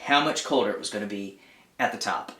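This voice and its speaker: A man's voice: fairly low pitch, fast talker, sharp tone, reverberant. A man co-hosting an outdoor gear channel, chatting casually and rambling a little with lots of "like". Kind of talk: casual chat.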